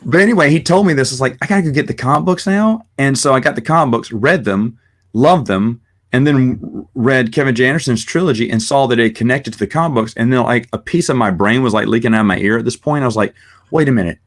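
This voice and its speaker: A man's voice: medium pitch, quick pace. A man hosting a casual online chat show over a video call, telling stories with lots of restarts and quoted asides. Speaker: host of an online talk show.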